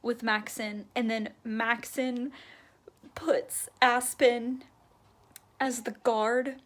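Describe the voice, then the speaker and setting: A woman's voice: a little high, drawn-out words. A young woman vlogging her reactions to a book series, talking dramatically and gushing or ranting in casual chat. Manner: animated and dramatic, gushing and ranting about characters. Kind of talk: casual reading-reaction vlog.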